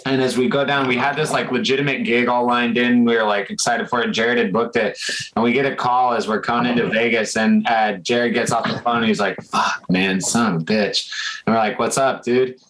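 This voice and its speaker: A young man tells a rowdy story in a casual, profane chat. He talks in a loose, animated way at a middle pitch. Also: fairly quick, slight background noise, rough recording. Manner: profane, animated storyteller who acts out quotes.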